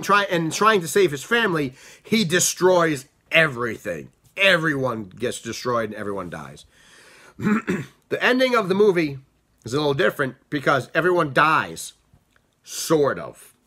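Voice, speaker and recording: A man giving a casual spoken review of a film, talking in an animated, rambling way with frequent restarts. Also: on the high side. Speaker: book and movie reviewer.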